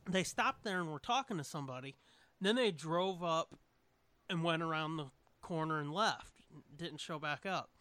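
This co-host's voice is a little high and clean, at normal speed and without echo. In profane, casual chat he recounts a neighborhood story, swearing a lot and performing the quotes of the people involved.

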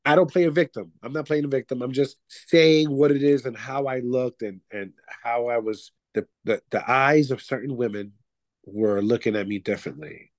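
A Puerto Rican actor and comedian chats loosely in an interview, restarting often and saying "you know" a lot. His voice is medium-pitched and moderately paced, recorded dry.

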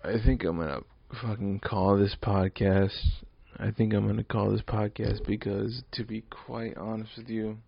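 A drunk man in his early twenties hosts a solo podcast, his voice low and gravelly. He rambles, curses freely and circles back over the same points. The recording sounds dull and lo-fi. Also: steady tone, normal speed. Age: 20s. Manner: rambling, profane, repeats himself. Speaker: podcast host. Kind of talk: casual solo podcast rant.

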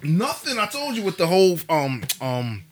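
A young man telling a story in casual chat, animated and profane, acting out what people said. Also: sits high, normal speed.

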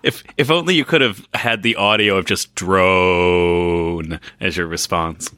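A man's voice: on the low side, big pitch swings, fairly quick, pushed and bright, no room sound. A man co-hosting a podcast, trading jokes and playful wisecracks in casual chat. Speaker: podcast co-host.

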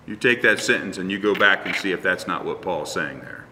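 A man's voice: deep voice, brisk, big-room sound, recorded from a distance, noisy background. A male pastor preaching a conversational sermon, acting out little dialogues with his congregation. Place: church sanctuary.

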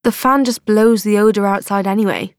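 A woman's voice: medium pitch, a little fast, dry recording, natural voice. A proud wife, curt and short with people, voiced by a female audiobook reader. Her lines come out clipped and tight, close and dry, with no room sound. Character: proud, irritated young wife.

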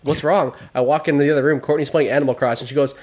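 Fast-talking animated man. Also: mid-range voice. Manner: animated, quick, laughing storyteller. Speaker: podcast co-host. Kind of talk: casual chat.

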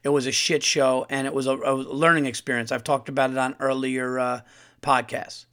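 A man who is a comedian and podcast host, telling stories in a casual, profane monologue that climbs to loud outbursts when he gets heated. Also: mid-range voice, normal speed, smooth. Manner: animated, profane, rising to shouting when heated.

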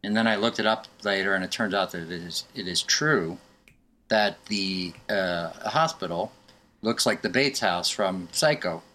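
A man's voice: low-pitched, a little slow, sharp tone. A man co-hosting a casual movie chat, rambling and laughing often. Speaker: podcast co-host.

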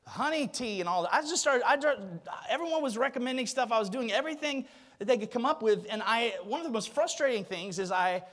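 A man in his thirties preaching a sermon, telling a story and acting out the voices of the people in it. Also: very high voice. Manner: animated storyteller, acts out voices.

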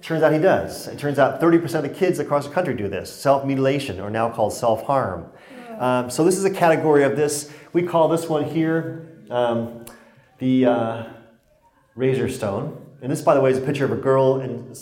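A man's voice: mid-range voice, normal speed, darkish tone. Guy giving a stress workshop, chatty and jokey, voice bouncing around a big room. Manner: conversational, joking, acts out quoted exchanges. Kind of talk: lecture with anecdotes. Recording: roomy hall sound.

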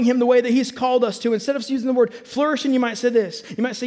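High-voiced preaching man, hall reverb. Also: fast talker, few pauses. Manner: energetic, asks the crowd rhetorical questions, builds to emphatic peaks. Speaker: pastor. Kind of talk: sermon. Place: church hall with congregation.

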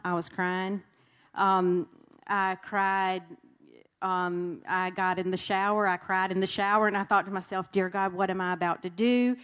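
A woman's voice: mid-range voice, a bit bright, clean tone. A woman from North Carolina giving a candid, earnest personal testimony at a marriage conference, talking with many fillers.

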